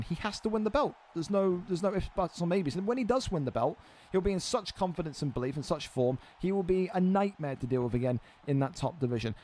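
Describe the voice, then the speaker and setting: A man's voice: fairly high pitch, a little mellow. A man hosting and commentating an online fight league live stream, blunt and exasperated, swearing freely.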